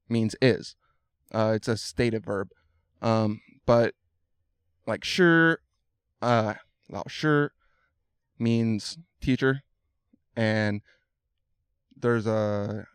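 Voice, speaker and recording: A man with a smooth, clear voice speaks as a podcast guest. He explains things thoughtfully, with plenty of ums and restarts. The sound is close and dry, with no room in it. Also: lowish voice, no echo. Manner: thoughtful, explains slowly with many fillers. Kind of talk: casual conversation.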